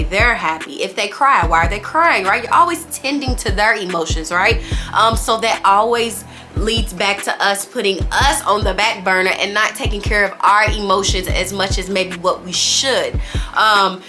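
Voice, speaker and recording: A young woman, a new mother, chatting candidly to camera about parenting in a casual vlog. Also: medium pitch. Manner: chatty and candid, says y'all, girl and you guys often. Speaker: vlogger. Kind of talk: casual sit-down chat to camera.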